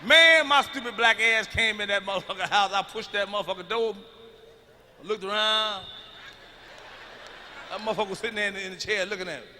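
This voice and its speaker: A man telling a profane story on stage as a stand-up comedian, loud and animated. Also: high-pitched, a little fast, long pauses, slight background noise. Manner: loud, animated, swearing freely. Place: comedy stage before an audience. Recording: reverberant live hall recording.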